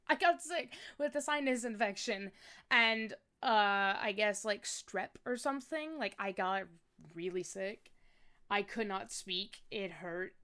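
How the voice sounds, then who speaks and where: A woman's voice: mid-range voice, animated, slow, sharp tone, clear, resonant tone. A young woman streamer rambling in a playful, self-mocking way during a casual drawing stream. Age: young adult. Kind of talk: casual chat while drawing.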